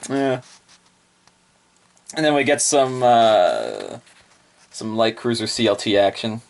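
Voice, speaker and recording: Brief: male reviewer, casual and animated, very expressive pitch, quick laughs. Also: vocal fry. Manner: animated, chuckling, off-the-cuff. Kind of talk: casual book review chat.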